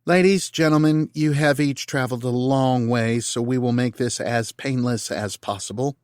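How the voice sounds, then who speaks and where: A male narrator voicing a female senator who gives a measured, formal briefing. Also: mid-range voice, fairly even intonation, a little mellow, clear, resonant tone, dry recording, studio quality, lightly acted. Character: brisk female senator leading a secret briefing.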